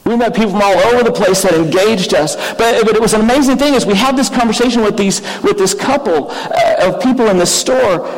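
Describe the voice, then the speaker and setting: Pastor telling a folksy story. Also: male voice, high-pitched, fairly quick, hardly any pauses, poor audio. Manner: folksy anecdotal storytelling with frequent restarts. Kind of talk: storytelling sermon.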